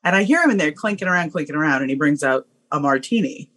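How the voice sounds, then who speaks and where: Give me a husky woman guest telling a story with lots of ups and downs in her voice. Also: deep voice, quick pace. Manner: animated, acts out voices, laughs often. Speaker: podcast guest.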